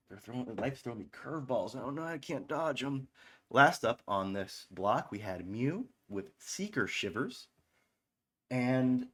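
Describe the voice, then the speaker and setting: A man in his thirties chats loosely between tracks as a stream's host, in a voice sitting a touch low. He rambles, restarts his sentences, swears freely and pokes fun at himself. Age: 30s. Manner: self-mocking, joking asides. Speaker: online radio stream host. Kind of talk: casual stream chatter between songs.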